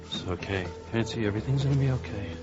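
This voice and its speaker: A man's voice: lowish voice, fast, close to an everyday voice. An actor playing a frightened father pleading with and soothing his stricken daughter. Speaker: soap opera character. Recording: dull TV audio under loud music.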